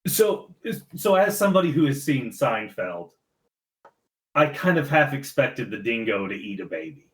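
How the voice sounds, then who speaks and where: Man, podcast co-host, very animated pitch, jokey reactor. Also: normal speed, poor audio. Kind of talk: casual movie podcast chat.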